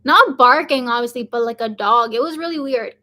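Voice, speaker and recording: A woman's voice: fairly high pitch, brisk, sharp tone. A young woman, casually telling a story to camera, full of "like" and "um". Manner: chatty, many fillers like "like" and "um". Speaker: vlogger.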